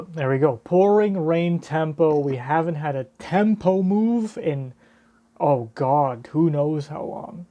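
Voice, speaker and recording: A man hosting a live reaction, reading a manga aloud and thinking out loud about what comes next. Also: on the high side, animated, slow. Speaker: reaction channel host.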